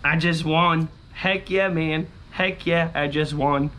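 A young man chatting through a scratch-off lottery vlog, repeating catchphrases and breaking into high excited yells. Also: takes it slowly. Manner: bursts into high shouts and sing-song yells when winning; chatty, repeats catchphrases like "holy smokes" and "booyah". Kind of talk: casual excited vlog commentary.

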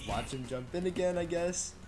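A man's voice: on the high side, normal speed. A man commentating his own fighting-game match as he plays, exclaiming, chuckling and trash-talking his opponent. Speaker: gaming channel host. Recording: game music clearly behind voice. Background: game music.

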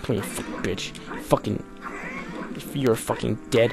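A man hosting a let's play, cursing and exasperated as he comments on his game, jumping between loud outbursts and low mutters. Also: measured pace, creaky, soft background music. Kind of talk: gameplay commentary.

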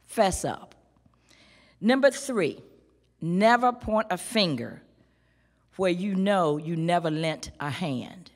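A woman from a school board giving a measured, emphatic formal speech at a ceremony. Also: lowish voice. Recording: reverberant hall.

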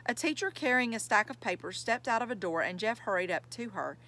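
A woman narrating a children's chapter book in a measured, clear storytelling manner. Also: fairly high pitch, animated, sharp tone. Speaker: audiobook reader.

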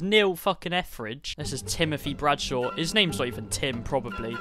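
A man giving sweary, excitable commentary over a football video game, breaking into shouts when he is excited. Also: medium pitch, moderate pace, soft background music. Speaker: gaming YouTuber.

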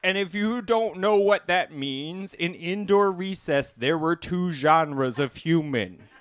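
A comedian performing a live stand-up set in a small cafe, camp and self-deprecating, with jokey asides. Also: male voice, fairly high pitch, expressive, slow pace, fairly bright tone.

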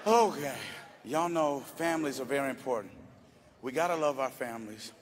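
A man doing stand-up comedy on a stage with a handheld mic, loud and animated, laughing at his own stories. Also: medium pitch, normal speed, heavy background noise.

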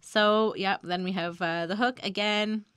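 A woman's voice: mid-range voice, fairly even intonation, a little slow, fairly bright tone, smooth, dry recording, clean studio sound. A woman hosting a lyrics breakdown, talking casually with frequent giggles and filler ums. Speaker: host breaking down song lyrics. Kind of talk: casual commentary.

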